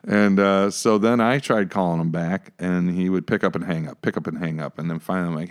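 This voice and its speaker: A man, a pastor, telling stories in a relaxed podcast conversation, acting out his own reactions along the way. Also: deep voice, a little fast. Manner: animated, acts out his own past reactions. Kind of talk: casual conversational storytelling.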